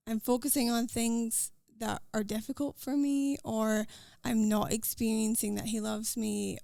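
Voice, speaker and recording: A woman with a Scottish accent, a podcast guest talking earnestly and quickly about her faith and daily life. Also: on the high side, gravelly, a little mellow, dry recording, studio quality. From Scotland. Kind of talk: casual interview chat.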